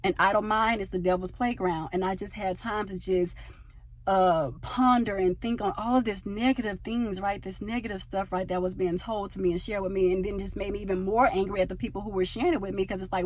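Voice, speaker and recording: A young woman from the United States talking casually into a handheld phone, telling a personal story and getting louder as she gets passionate. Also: medium pitch, a little fast, no room sound. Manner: animated, gets loud when passionate. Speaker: vlogger. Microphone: phone held in hand.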